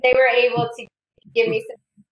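A woman's voice: a little high, flat delivery, moderate pace, roomy sound, rough recording. A woman author being interviewed remotely, explaining her work at length in an earnest way.

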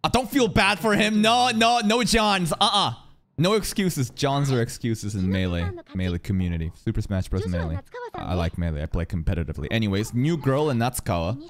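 A man reacting live to an anime episode, excitable and profane, talking back at the screen. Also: mid-range voice, a little fast.

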